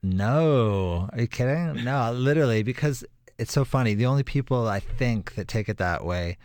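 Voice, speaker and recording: A man talking as a musician guest in a casual interview, animated and quick to laugh, with emphatic exclamations. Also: medium pitch.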